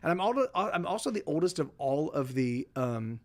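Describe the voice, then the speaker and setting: Rambling man streaming from home, high voice. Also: sing-song, normal speed. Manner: rambling, many restarts and fillers. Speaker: livestream host. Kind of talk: casual chat to a live audience.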